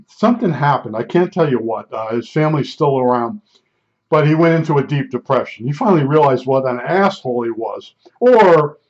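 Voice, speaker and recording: Man, 60s, mid-high voice, casual digressive storyteller, blunt and folksy; dull lo-fi audio. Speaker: vlogger. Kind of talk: casual rambling monologue. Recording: dull lo-fi recording.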